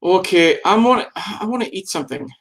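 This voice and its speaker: A man's voice: high-pitched, lively intonation, brisk, a bit bright. A man co-hosting a casual live-stream chat, playful and rambling. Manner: chatty and playful, rambling and humming to himself. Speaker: podcast co-host.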